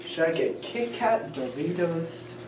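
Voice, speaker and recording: A woman's voice: low voice, animated, a little slow, far from the mic. A young woman joking and laughing with her friend as they explore a hotel. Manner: playful, joking, laughs easily. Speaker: friend of the vlogger. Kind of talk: casual chat. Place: indoors in a hotel. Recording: roomy sound, off-mic and noisy.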